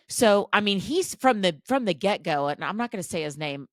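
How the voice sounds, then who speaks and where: A woman's voice: medium pitch, animated, a little fast, hardly any pauses, dry recording, studio quality. A woman hosting a podcast, talking in a casual, chatty, self-deprecating monologue full of restarts and asides. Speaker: podcast host.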